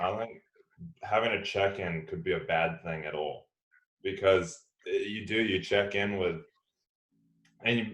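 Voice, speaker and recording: A man hosting a podcast interview, talking in a lively, rambling way with frequent restarts and laughs. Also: low-pitched. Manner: animated, repeats and restarts, laughs often. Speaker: podcast host. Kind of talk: casual interview chat. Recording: echoey room.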